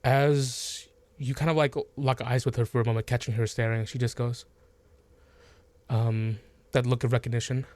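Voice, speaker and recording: A man running a tabletop fantasy game as game master, narrating slowly with many fillers and restarts. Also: medium pitch, level tone, a little mellow.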